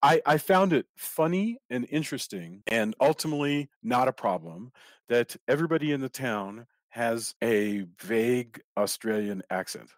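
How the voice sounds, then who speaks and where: A man's voice: medium pitch, expressive, normal speed, no room sound, studio quality. A middle-aged man hosting a podcast, talking through a film in a rambling way, often restarting and repeating words. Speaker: podcast host. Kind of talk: casual film discussion.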